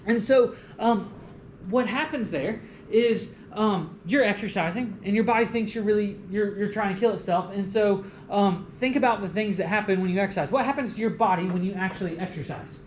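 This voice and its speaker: Male college lecturer, animated and jokey, roomy classroom sound with faint hum. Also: sits high, a little fast. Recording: echoey classroom with faint room noise.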